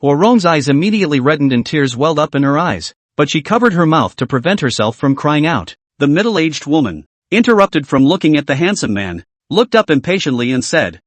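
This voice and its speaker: A man narrating a comic recap, reading the story and the characters' lines in the same fast, even narrating voice. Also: on the high side, no echo.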